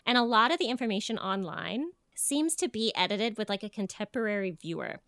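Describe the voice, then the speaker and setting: A woman's voice: medium pitch, brisk, gravelly, dry recording, clean studio sound. A young woman co-hosting a podcast, telling folklore in a jokey, swearing, casual way. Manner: animated, jokey, swearing storyteller. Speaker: podcast co-host.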